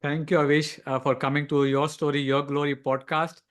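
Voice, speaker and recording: A man's voice: a little high, level tone, brisk. A man hosting a podcast, thanking his guest effusively over a video call. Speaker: podcast host. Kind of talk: closing remarks.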